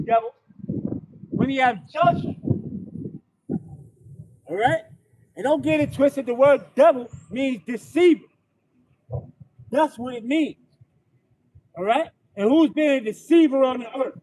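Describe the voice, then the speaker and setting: A man preaching and reading scripture in an emphatic style, often breaking into shouts and tagging his lines with "right?" and "okay?". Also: very high voice, expressive, takes it slowly, pauses often. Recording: distant dull lo-fi mic with faint background noise.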